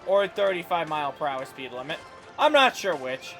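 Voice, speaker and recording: A man's voice: a little high, sing-song, brisk, pushed and bright, faint music behind. A man chatting casually while playing a game, jokey and playful as he tells stories. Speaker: co-host. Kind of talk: casual gaming chat.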